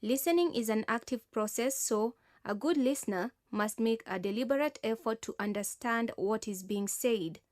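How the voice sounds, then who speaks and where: Clear, high-voiced woman narrating a lesson. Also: no echo, clean studio sound. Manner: measured, instructional.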